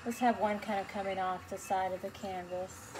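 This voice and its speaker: A woman's voice: mid-range voice, little pitch movement, normal speed. A woman teaching a beginners' painting class, chatty and encouraging as she talks through each brushstroke. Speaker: painting instructor. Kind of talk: relaxed step-by-step painting tutorial. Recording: noticeable background noise.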